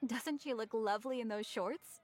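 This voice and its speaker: A woman's voice: a little high, moderate pace, darkish tone, a little hiss or hum, lightly acted. A woman voicing an eager, chatty young shopkeeper in a video game, bubbly and salesy, with game music behind. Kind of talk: video game character dialogue.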